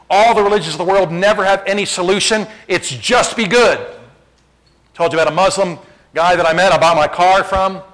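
A man preaching from the pulpit with a voice pitched a bit higher than most men's. He moves between relaxed asides to his congregation and loud, emphatic declarations that climb in pitch. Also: poor audio. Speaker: pastor. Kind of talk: sermon.

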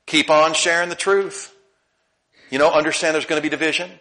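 Male pastor, middle-aged, bright forceful tone, lively sermon delivery with loud and quiet swings. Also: fairly high pitch, a little fast. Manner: animated preaching, swings between loud emphasis and soft asides.

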